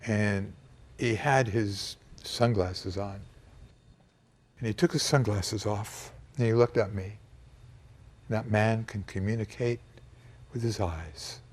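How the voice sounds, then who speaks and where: Husky man telling an emotional memory. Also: on the low side, a little mellow. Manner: emotional, halting, with restarts and dramatic pauses. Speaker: interviewee recounting a personal memory. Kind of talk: personal storytelling.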